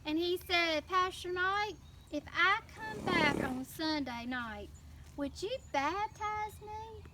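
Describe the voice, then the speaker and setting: A woman with a Southern US accent telling a children's story in church, animated and prompting the kids to answer. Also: very high voice, takes it slowly. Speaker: children's mission teacher. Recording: distant mic with faint noise.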